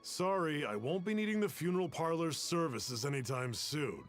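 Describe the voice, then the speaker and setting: A man's voice: on the high side, expressive, normal speed, natural voice. Guy playing guarded polite young dude, mid voice that moves around a lot, light music. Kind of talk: video game dialogue. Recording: game audio with faint music.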